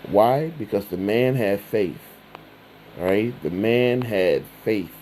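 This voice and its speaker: A man giving an informal sermon, reading scripture slowly and then retelling it in everyday words, often checking in with "all right?". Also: lowish voice, lively intonation, a little mellow, slight background noise, low-quality recording. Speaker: preacher.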